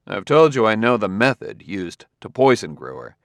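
A man's voice: lowish voice, big pitch swings, normal speed, no echo, clean studio sound. A male audiobook reader voicing a stern, tired middle-aged detective who reasons tersely. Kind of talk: audiobook character voice.

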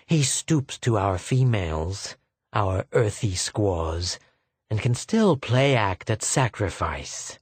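Menacing villain read by a man, low and slow, contemptuous. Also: animated, breathy edge, no echo, studio quality, exaggerated voice. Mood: mocking. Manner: contemptuous, mocking, deliberate. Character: sneering cruel male official, slow and menacing.

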